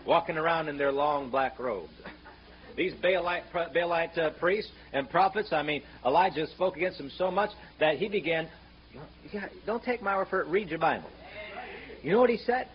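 A man preaching a fiery sermon, sarcastic and mocking, rising to shouts when he quotes scripture. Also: fairly high pitch, animated, normal speed. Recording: muffled, slightly noisy sermon recording.

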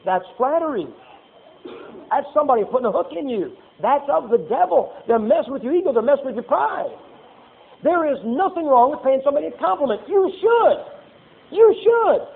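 A man preaches a homespun sermon, reading verses aloud and slipping into playful asides. His voice sits high for a man. The recording is narrow and tinny, like a phone line. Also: lively intonation, brisk, vocal fry, slight background noise. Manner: folksy preaching with Bible readings and acted asides.

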